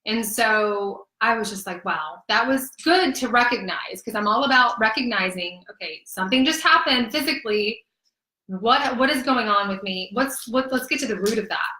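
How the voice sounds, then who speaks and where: A woman in her thirties, a guest telling a personal story in an earnest, emotional, animated way. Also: fairly high pitch, normal speed, reverberant, low-quality recording. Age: 30s. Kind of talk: candid personal testimony in conversation.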